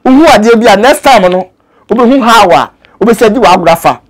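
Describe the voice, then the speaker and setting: This Ghanaian actor, a native Twi speaker, talks in a casual interview, pleading earnestly and switching between languages. His voice sits high, expressive and a little fast.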